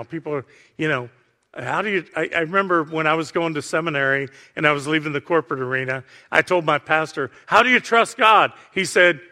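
Bright high-voiced male preacher. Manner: impassioned, swings between hushed and near-shouting. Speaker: pastor. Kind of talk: sermon.

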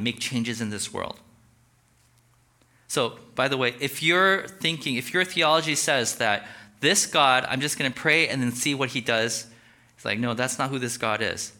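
A male pastor giving a conversational, animated sermon and asking the audience questions. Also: mid-range voice.

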